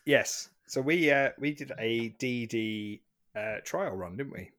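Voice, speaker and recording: A man's voice: medium pitch, animated, takes it slowly, a bit bright. A man co-hosting a casual chat, rambling through stories with plenty of ums and restarts. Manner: rambling, many fillers and restarts.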